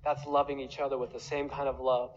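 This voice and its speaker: A man's voice: medium pitch, flat delivery, a little fast, dull audio, a little hiss or hum. A man preaching a sermon as pastor, earnest and emotional, acting out quoted voices.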